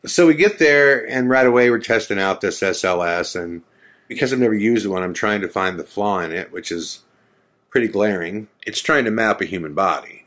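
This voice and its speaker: A man's voice: fairly low pitch, normal speed, fairly bright tone. A man casually recounting a ghost-hunting trip, rambling with frequent fillers and skeptical asides. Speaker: storyteller recounting a ghost hunt. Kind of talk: casual spoken storytelling.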